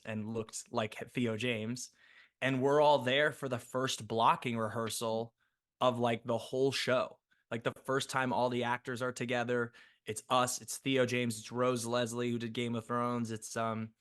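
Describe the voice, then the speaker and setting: A man, an actor and podcast guest, telling a long story in a chatty, animated way full of fillers and restarts. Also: mid-range voice. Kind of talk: casual storytelling interview.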